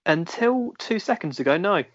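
A man's voice: high-pitched, animated, moderate pace, lo-fi sound. A man co-hosting a casual podcast, with dry, teasing banter. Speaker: podcast co-host.

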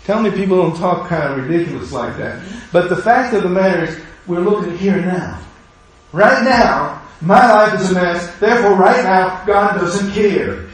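A male pastor preaching a sermon, acting out both sides of people's prayers to God with lively emphasis. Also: high-pitched, moderate pace. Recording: echoey hall, mic far off.

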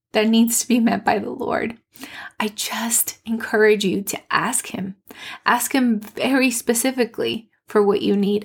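A woman hosting a faith podcast, telling a personal testimony in an earnest, heartfelt way with soft, tender pauses. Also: mid-range voice, creaky. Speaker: podcast host.

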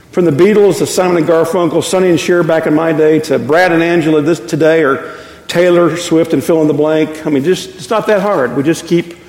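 A man's voice: a little high, a little mellow. A man in his fifties from Texas, preaching a sermon and telling stories with chuckles at his own jokes, in a church. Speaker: pastor. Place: church sanctuary. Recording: echoey hall with long reverb.

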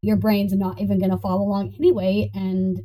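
A woman in a casual conversation, animated and laughing often, slipping into playful voices when quoting herself. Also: medium pitch, fairly quick, rough recording.

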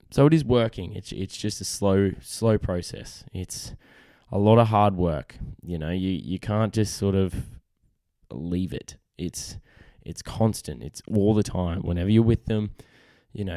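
A young man with a low, mellow voice chats casually on his podcast, rambling and poking fun at himself. The sound is dry and close, with no room echo behind him. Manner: rambling, self-deprecating, lots of "you know". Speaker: podcast host. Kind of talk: casual chat.

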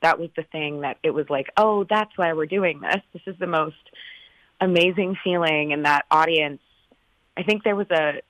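Low-voiced woman from norcal chatting away in an interview, dry close sound. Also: moderate pace, dry recording, low-quality recording. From Northern California. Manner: chatty, animated storyteller. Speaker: stage actress, interview guest. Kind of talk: casual interview chat.

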